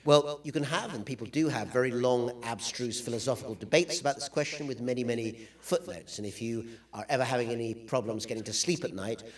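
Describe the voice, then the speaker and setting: A man lecturing to an audience from slides, with a dry, wry sense of humor and plenty of hesitant fillers. His voice sits at an ordinary middle pitch for a man. He sounds set back from the microphone. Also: a little fast, few pauses, recorded from a distance. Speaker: guest lecturer.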